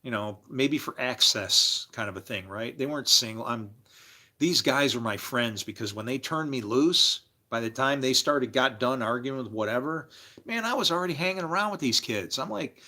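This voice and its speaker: A man livestreaming, telling rambling personal stories in a loose, animated way, laughing and swearing freely as he jumps between tangents. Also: mid-range voice, moderate pace. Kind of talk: casual rambling storytelling.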